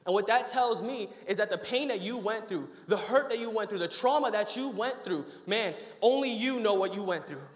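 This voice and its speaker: A young man with a fairly high voice delivers a short sermon in a roomy, echoing hall. He talks casually, telling a story, then climbs into emphatic preaching. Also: moderate pace, few pauses. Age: young adult. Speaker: student preacher. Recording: echoey hall.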